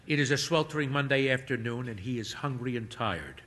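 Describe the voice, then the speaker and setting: A man narrating a comic story in a wry, animated way. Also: medium pitch, fairly quick, long reverb tail.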